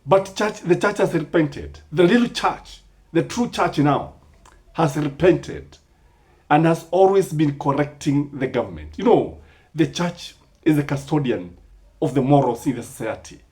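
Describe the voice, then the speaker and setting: A man's voice: fairly high pitch, expressive, a little slow, a little mellow. A Kenyan man giving impassioned commentary, firing rhetorical questions and Swahili sayings.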